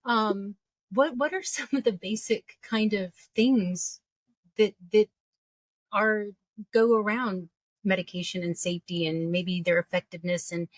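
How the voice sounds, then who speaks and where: A woman co-host asks her questions in a playful, sarcastic tone. Her mid-pitched voice sounds close and dry, with no room echo. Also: measured pace. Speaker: podcast co-host. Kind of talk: podcast conversation.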